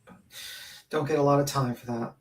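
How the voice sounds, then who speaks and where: A man's voice: mid-range voice, fairly even intonation, brisk. A man speaking as a laid-back panel guest in a casual livestream chat.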